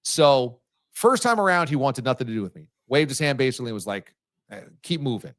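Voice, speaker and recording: A male sports radio host telling stories casually, animated and teasing, with sudden jumps in his voice. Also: mid-range voice, fast, dry recording, clean studio sound. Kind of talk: casual storytelling on a sports talk show.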